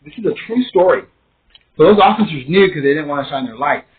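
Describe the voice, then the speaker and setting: A man's voice: a little high, lively intonation, fast talker, husky. A man casually telling a rambling, emphatic first-person story from his studio apartment. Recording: tinny phone-like sound.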